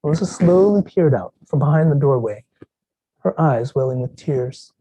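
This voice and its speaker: A man giving a dramatic storytelling speech at a contest, expressive, with drawn-out pauses and hushed tender passages. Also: on the high side, breathy edge, no echo, rough recording. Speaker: contest speaker.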